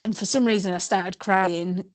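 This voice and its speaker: A woman's voice: mid-range voice, steady tone, normal speed, no echo. A middle-aged woman, chatting in an interview in a rambling, self-deprecating way. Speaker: guest, race participant. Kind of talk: casual interview chat.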